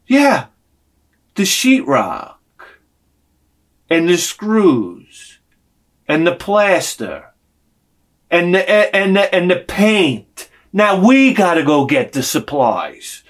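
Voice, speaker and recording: A man's voice: sits high, very animated, slow, pauses often. A man telling an exasperated, profane story in a sarcastic comic rant on his vlog. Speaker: vlogger.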